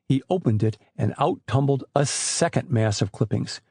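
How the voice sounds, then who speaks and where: A man's voice: medium pitch, normal speed, slightly rough, dry recording, studio quality. A man narrating an adventure novel as an audiobook, telling it expressively. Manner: expressive storytelling.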